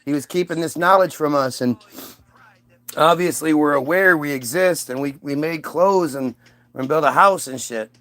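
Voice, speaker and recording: A man's voice: a little high, normal speed, fairly bright tone, dry recording. Crude rambling comedic storyteller man. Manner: crude, rambling, switches into silly voices. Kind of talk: profane comedic monologue acting out characters.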